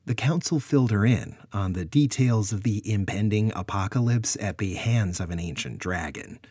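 A man narrates a story with expressive, varied delivery. His voice is low and husky, and he reads slowly. The sound is dry and close to the mic. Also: no echo. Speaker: audiobook narrator. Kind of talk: scripted narration.

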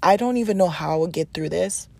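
A young woman hosting a personal diary podcast, talking rapidly and confidingly about her life. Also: on the low side, vocal fry, warm tone, dry recording. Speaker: podcast host.

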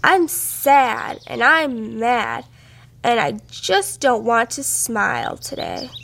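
A woman's voice: fairly high pitch, huge pitch swings, vocal fry, fairly bright tone, slight background noise, exaggerated voice. A woman doing a grumpy old great-grandpa. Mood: grumbling. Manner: slow, grumbling. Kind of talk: storybook read-aloud.

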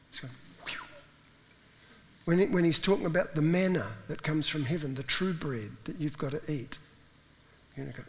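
A man's voice: a little high, moderate pace. Man preaching a chatty sermon in a reverberant hall; acts out quoted lines. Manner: conversational, acts out quoted voices.

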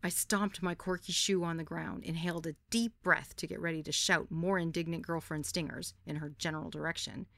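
A woman's voice: low-pitched, steady tone, brisk, vocal fry, few pauses, fairly bright tone, no echo, clean studio sound. A woman podcast host reading a candid first-person memoir story.

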